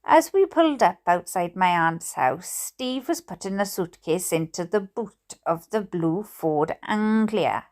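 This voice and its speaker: A Welsh woman reading a bedtime book aloud, chatty and quick to laugh, with asides to her viewers. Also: lowish voice, animated, a little mellow.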